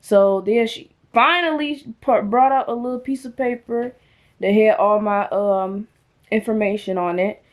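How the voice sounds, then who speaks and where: A young woman casually telling a personal story in a chatty way, jumping into a higher voice for quoted people. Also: measured pace. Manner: chatty, animated, acts out quotes with raised pitch.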